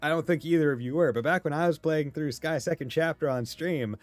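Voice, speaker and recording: A man's voice: on the high side, a little fast, dry recording, soft background music. A man from Massachusetts with a Massachusetts accent, chatting casually and rambling as he streams a game, laughing often. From Massachusetts, USA. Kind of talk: casual chat while playing a game.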